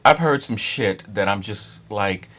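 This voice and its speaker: A man's voice: on the low side, animated, a little slow, sharp tone. A man in his thirties giving dating advice in a casual, rambling monologue, blunt and profane with many fillers and restarts. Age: 30s.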